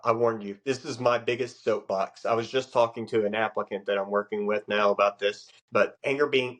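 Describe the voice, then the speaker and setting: Middle-aged man, lower voice, earnest storyteller, podcast guest. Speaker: podcast guest, Navy chief. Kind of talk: casual interview conversation.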